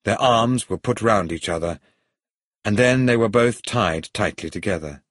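A man narrating an adventure story at a steady, even storytelling pace. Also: on the low side, normal speed, no room sound, studio quality. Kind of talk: audiobook story reading.

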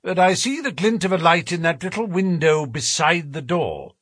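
A man reading aloud, voicing a calm, observant detective in a level, measured way. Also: a little high, slightly rough, no room sound, studio quality, pitched above the performer's own voice, heavily acted. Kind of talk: audiobook character reading.

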